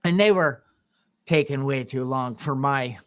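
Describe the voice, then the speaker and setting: A man with a middle-pitched voice co-hosts a casual podcast. He tells meandering personal anecdotes, pausing to clear his throat and chuckle at himself. His talk is relaxed and self-deprecating. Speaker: podcast co-host.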